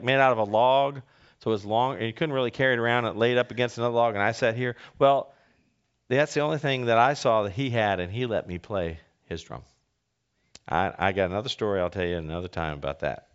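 A middle-aged male pastor from North America, giving a folksy sermon with halting restarts and swings in pitch. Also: a bit bright, clear, resonant tone. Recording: dull lo-fi sound.

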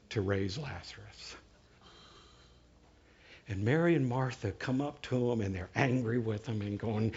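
A man preaching a sermon as a story, animated, slowing right down for dramatic retelling. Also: medium pitch, breathy edge. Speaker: pastor. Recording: dull lo-fi recording.

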